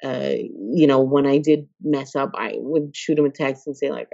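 Appearing as a guest on a casual podcast, a woman speaks in a deep, warm, steady voice at a moderate pace with few pauses. She is expressive, laughs a lot and performs the voices of people she quotes, recorded with dull lo-fi quality and no echo.

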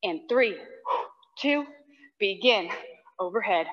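A woman fitness instructor with a medium-pitched, lively voice leads a live workout at a slow pace, giving short cues, counting down and cheering people on by name while breathing hard as she exercises alongside them. She's in a large hall, and the online class audio is dull and lo-fi.

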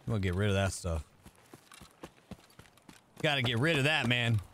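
Man, casual stream chatter, lively up-and-down voice, faint noise behind. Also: mid-range voice, normal speed. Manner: chatty, thinking aloud, talking to chat. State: out of breath. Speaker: game streamer. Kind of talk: casual live-stream chat while gaming.

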